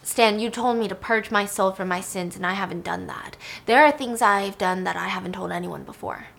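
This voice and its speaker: Guilt-ridden older tycoon, halting, pleading, confessional, voiced by a woman. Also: medium pitch, vocal fry, a bit bright. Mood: anguished.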